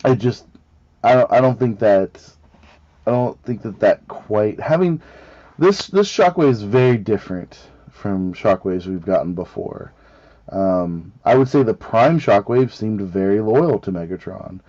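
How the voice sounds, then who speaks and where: A man's voice: fairly low pitch, expressive, measured pace, warm tone, no echo. A man giving a casual review, talking as a rambling, enthusiastic fan who often restarts his sentences. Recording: dull lo-fi recording.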